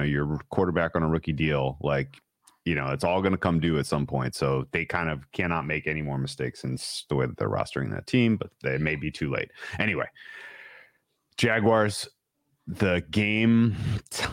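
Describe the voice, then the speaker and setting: A man's voice: deep voice, no room sound, studio quality. A man hosting a sports talk show, breaking down a football game in an analytical, opinionated way, with frequent restarts. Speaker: sports podcast host. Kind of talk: casual sports analysis chat.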